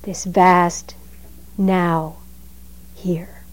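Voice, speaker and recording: A woman giving a Zen dharma talk in a measured, emphatic way, letting her phrases trail off softly. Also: on the low side, level tone, rough recording.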